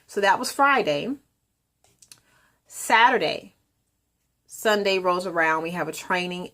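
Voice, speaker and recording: Calm upbeat woman, slightly low voice. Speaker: colon hydrotherapist and business owner. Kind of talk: motivational video message.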